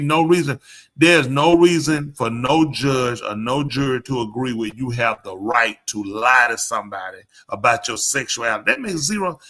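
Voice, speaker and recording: Male live-show podcast host with a bright, forward voice at an ordinary pitch, blunt and opinionated, talking straight at the room. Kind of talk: casual chat.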